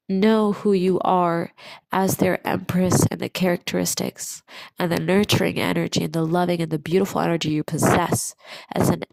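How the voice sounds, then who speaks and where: Woman medium, low gravelly voice, unhurried, soothing repetition, close dry mic. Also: a little mellow, no echo, poor audio. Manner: slow, soothing, repeats phrases for emphasis. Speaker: medium giving a tarot reading. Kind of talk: channeled pick-a-card reading to camera.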